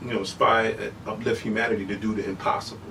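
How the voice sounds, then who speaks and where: Middle-aged guy telling stories in a laid-back interview, lively, keeps saying you know what i'm saying, mic a bit far, faint room hum. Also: lowish voice, quick pace. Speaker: human beatboxer, interview guest. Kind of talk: casual interview storytelling.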